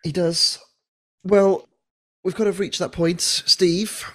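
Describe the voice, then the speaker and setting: Husky higher-voiced man hosting a podcast. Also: flat delivery, slow pace, a bit bright. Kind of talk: casual chat.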